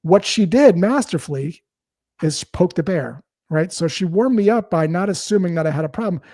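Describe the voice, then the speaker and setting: A man with a slightly raised pitch talks as a podcast guest. He tells stories to make his points. The sound is dry and close, with no room around the voice. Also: fairly quick, dry recording. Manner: lively anecdotes, acts out dialogue. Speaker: sales trainer and podcast guest. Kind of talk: storytelling interview talk.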